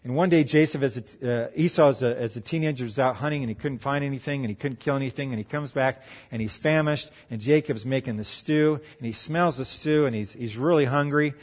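A man preaching a sermon, retelling a scripture story in an animated way and acting out the voices of its people. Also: mid-range voice, fairly quick, few pauses. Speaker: pastor. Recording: long hall reverb.

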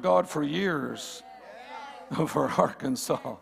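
A man preaching a sermon in church, playful and teasing with the congregation and rising to emphatic shouts. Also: medium pitch, lively intonation, a little slow, creaky, a loud crowd, very noisy. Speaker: pastor.

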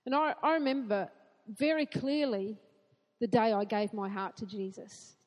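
A woman preaching a sermon in an earnest way, asking rhetorical questions and building to excited emphasis. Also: a little high, a little slow, long reverb tail.

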